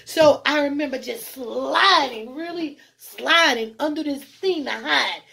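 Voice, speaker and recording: Woman, high voice, gravelly, animated storytelling, dream account. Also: measured pace. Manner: animated storytelling, acting out her own past words. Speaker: spiritual channel host. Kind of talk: first-person dream account.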